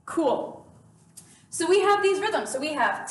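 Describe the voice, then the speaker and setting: A woman's voice: high voice, expressive, moderate pace. A woman music teacher giving a children's music lesson in a patient, encouraging way. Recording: echoey room, mic at a distance.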